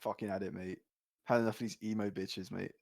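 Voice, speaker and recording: A man's voice: lowish voice, little pitch movement, a little fast, creaky, darkish tone. A man co-hosting a comedic livestream awards show, ranting crudely with lots of swearing. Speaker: co-host.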